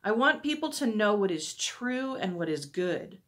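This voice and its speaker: A calm, gentle man who explains himself with quiet certainty, read aloud by a woman from a children's storybook. The pace is slow and the voice soft and breathy, with a lively rise and fall. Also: medium pitch. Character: calm, gentle adult male teacher, quietly sure.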